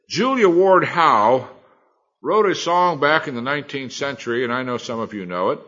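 A man preaching a sermon, earnest and emphatic, swinging between loud and soft. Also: medium pitch, animated, moderate pace, highs cut off.

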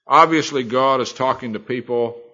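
Male preacher, emphatic sermon delivery, mid pitch, slightly muffled recording. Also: normal speed, sharp tone. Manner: earnest, emphatic, with sudden dynamic swings.

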